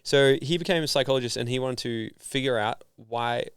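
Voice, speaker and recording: A man from Australia talks casually as a podcast guest, telling a long story with lots of energy. He slips into the voices of the people he describes. His voice sits at a middle pitch and is recorded close and dry. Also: a little fast, clear, resonant tone, dry recording. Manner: animated, acts out voices in his stories. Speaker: guest, personal development founder.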